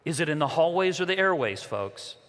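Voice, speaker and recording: A man with a fairly high, bright and forceful voice delivers an inspirational faith talk with earnest, preacherly emphasis. He speaks into a stage mic, and his words ring out with the long reverb of a large conference hall. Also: big pitch swings, fairly quick.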